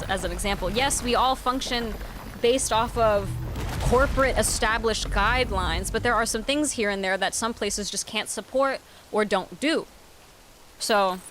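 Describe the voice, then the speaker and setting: A woman streamer chatting casually while gaming, ranting with lots of swearing and sudden loud outbursts. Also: on the high side, slight background noise. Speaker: game streamer.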